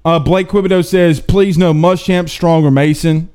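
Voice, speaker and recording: A man's voice: on the high side, normal speed, smooth. A male sports talk show host, chatting casually on a live stream and reading out viewer questions in a drawling, folksy way. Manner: animated, drawling, folksy asides.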